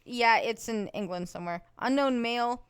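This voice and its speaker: A woman's voice: a little high, normal speed, clear, resonant tone, dry recording, clean studio sound. A woman co-hosting a casual podcast, reading news headlines aloud and reacting with short laughs. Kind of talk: casual chat.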